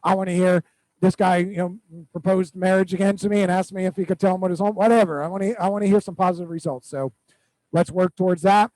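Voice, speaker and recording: A man's voice: high voice, fast, no room sound, low-quality recording. A man coaching a real estate team at a weekly accountability meeting, giving direct, repeated instructions. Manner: direct, repetitive instructions with animated storytelling.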